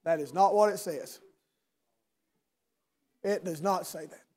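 A man preaching a sermon in a church service, swinging from loud shouting to low intimate speech and firing rhetorical questions at listeners by name. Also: slow.

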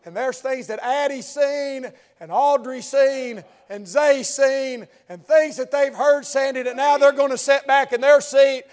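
A man's voice: very high-pitched, a little slow, hardly any pauses. A man preaching a sermon in church, building with repeated phrases and asides to the congregation.

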